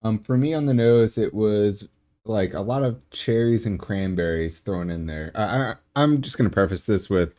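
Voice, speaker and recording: A man works through his whisky tasting notes step by step, pausing on ums. His voice is low and mellow. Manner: methodical, measured with ums. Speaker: whisky taster.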